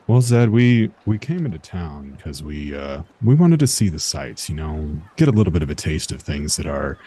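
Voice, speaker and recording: A man's voice: extremely low pitch, big pitch swings, moderate pace, warm tone, slightly rough. A man playing a tabletop game, speaking in character in a laid-back, hesitant way. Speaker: player. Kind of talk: casual tabletop play.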